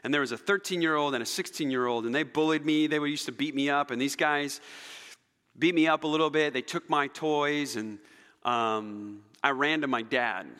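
A male pastor preaching a sermon, telling stories dramatically and swinging between loud emphasis and near-whispers. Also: fairly high pitch, normal speed, clear, resonant tone. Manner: animated, dramatic storytelling with shifts between loud and soft. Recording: long hall reverb.

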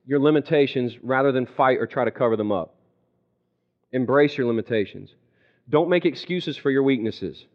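A male preacher delivering a sermon, emphatic, repeating key phrases and slowing down for scripture. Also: medium pitch. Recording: dull lo-fi recording.

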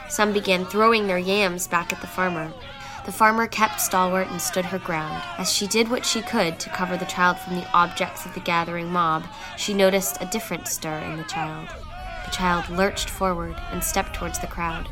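A woman telling a dark fable as a storyteller, in measured, steady scripted narration. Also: lowish voice. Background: music.

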